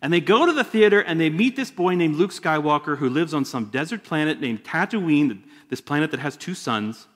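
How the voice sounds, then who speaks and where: A man's voice: a little high, lively intonation, moderate pace, few pauses. A male pastor giving a sermon in a church sanctuary, talking conversationally with joking asides. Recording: long hall reverb.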